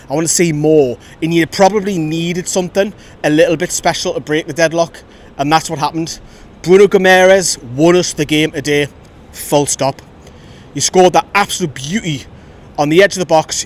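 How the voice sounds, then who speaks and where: A man giving a chatty, opinionated post-match reaction as host of a fan channel, filmed outdoors by a road. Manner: chatty, opinionated, lively storytelling. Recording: faint traffic rumble outside.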